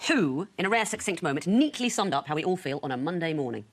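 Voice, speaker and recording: Quick, lively woman hosting comedy news. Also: low-pitched, slight background noise. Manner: dry, quick joke delivery. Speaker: guest host of a panel show. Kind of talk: scripted comic news presenting. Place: TV studio with a live audience. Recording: loud audience laughter behind.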